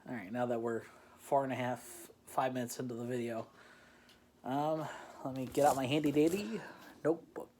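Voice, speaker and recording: A man's voice: medium pitch, moderate pace, pauses often, darkish tone. Guy rambling thru a beer tasting at home, jokes on himself, laughs lots, bit of hiss. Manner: rambling, self-deprecating, laughs often. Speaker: host. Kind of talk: casual beer-tasting chat. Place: home in the Chicagoland area.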